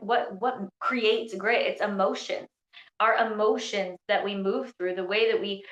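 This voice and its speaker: A woman coaching a live online workshop, bubbly and excitable, with words tumbling out around constant "like"s. Her phone picks her up in a roomy, echoey space, and the sound is a little dull and muffled. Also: medium pitch. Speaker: coach leading an online training. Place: indoors in Scotland during a storm.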